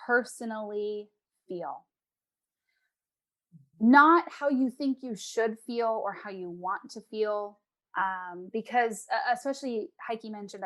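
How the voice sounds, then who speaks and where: A woman, an emotional eating coach, giving advice as a guest in a casual interview and acting out her clients' voices. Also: fairly high pitch. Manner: animated, acts out clients' voices.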